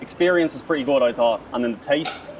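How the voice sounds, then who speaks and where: An Irish man hosting, asking quick, eager, stumbling questions in casual chat outdoors. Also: mid-range voice, a little hiss or hum. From Ireland. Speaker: host. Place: outdoors on a city street. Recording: street crowd, mic from a distance.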